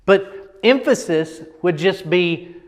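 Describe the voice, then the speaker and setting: In a large hall, a high-voiced man coaches a group on presenting at a slow pace, his intonation lively. His casual teaching leans emphatic, with repeated words and lots of "right?"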